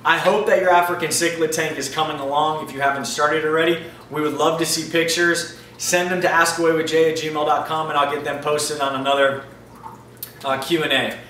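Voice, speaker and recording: A man's voice: a little high, flat delivery, brisk, bright, forceful tone, distant mic. A man answering viewer questions in a casual, upbeat video chat about his aquarium. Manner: chatty, upbeat, loose and informal. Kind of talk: casual Q&A vlog. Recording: roomy echo, mic set back, faint ambient noise.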